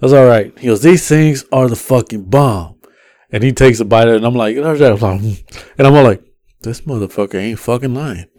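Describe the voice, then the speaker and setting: A man's voice: medium pitch, brisk, a little mellow, no echo. A man hosting a podcast who tells a long story in casual, profane chat and acts out the lines of the people in it. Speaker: podcast host.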